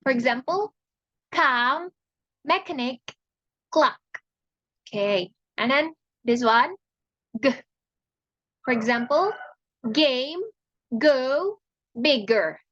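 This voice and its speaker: A young woman from Indonesia giving a class presentation on pronunciation, speaking haltingly and repeating each sound and example word. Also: high-pitched, lively intonation, a bit bright, no echo, dull audio. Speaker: student presenter.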